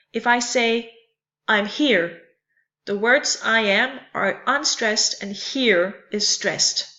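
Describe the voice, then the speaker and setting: Woman, teacher, slow deliberate lecture, crisp bright voice, lo-fi dull recording. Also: fairly high pitch. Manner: careful, repeats and spells out terms.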